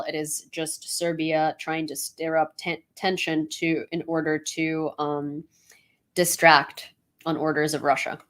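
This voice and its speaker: A woman's voice: medium pitch, a bit bright. A woman from Ukraine hosting a casual news commentary, talking in a frank, chatty and opinionated way.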